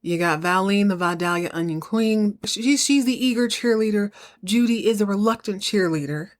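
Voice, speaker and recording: A woman hosting a podcast, telling a comic episode recap in an animated, chatty way with laughter. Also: medium pitch, moderate pace. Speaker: podcast host.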